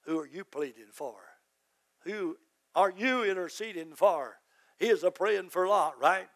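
A man, a pastor, preaching a fervent sermon that rises to shouts. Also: high-pitched, measured pace.

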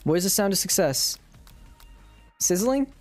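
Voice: mid-range voice, expressive, fairly quick, a little mellow, no room sound, soft background music. A streamer casually reading a dating sim aloud on a live stream, swearing and laughing at their own slips.

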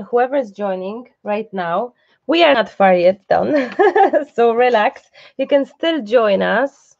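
A craft teacher hosting a live online class talks in a fairly high, slightly gravelly voice with some fry, chatting reassuringly as she works and occasionally turning to someone behind the camera. The stream's audio sounds dull and muffled, with a noisy background.

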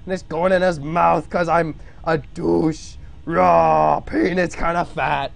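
A young man casually chatting on a live game stream, goofy with loud self-amused outbursts. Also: fairly high pitch, steady tone, slow, vocal fry.

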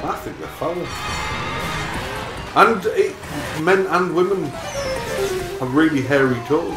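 A man's voice: fairly high pitch, slow. A man chatting crudely and rambling while drunk, hosting a gaming session. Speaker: gaming video host. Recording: echoey room with loud game music.

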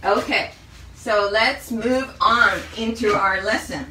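A woman teaches a Bible study at a very unhurried pace. Her voice is bright and clear, and she goes through her points one by one. The sound is echoey, as if the mic sits a little away from her in a room. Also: medium pitch, recorded from a distance, a little hiss or hum. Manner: measured, reads out a list of questions.

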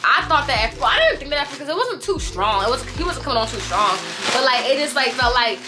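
Host, woman, 22, casual diary vlogger, animated and slangy, slightly high voice over background music. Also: fast. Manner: chatty, slangy, animated storytelling.

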